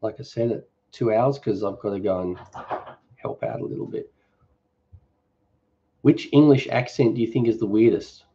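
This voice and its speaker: A relaxed man chats his way through a live-stream Q&A, reading viewers' comments aloud. His voice is warm and mellow. The audio is dull and lo-fi. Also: on the low side, normal speed, long pauses. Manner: easygoing, reads viewer comments aloud and answers them off the cuff. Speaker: cooking channel host.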